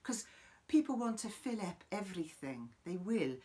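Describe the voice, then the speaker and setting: A man playing an eccentric middle-aged woman guru, rambling and swearing in an improvised comic monologue, lurching between loud outbursts and hushed asides. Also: high voice, big pitch swings, normal speed. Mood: rambling musing. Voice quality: profane, wandering, sudden loud outbursts then quiet asides. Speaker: comic character host. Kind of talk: improvised character monologue to camera.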